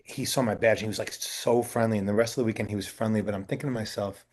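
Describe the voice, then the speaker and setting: A man who works as a talent agent, telling animated anecdotes as the guest in a casual interview. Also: on the low side, racing.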